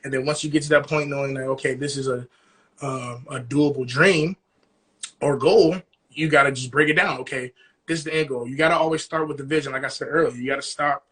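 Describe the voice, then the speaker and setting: Quick, bright-voiced young man. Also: medium pitch, slightly rough. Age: young adult. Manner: animated, lots of "you know what I'm saying". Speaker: podcast co-host. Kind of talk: casual chat.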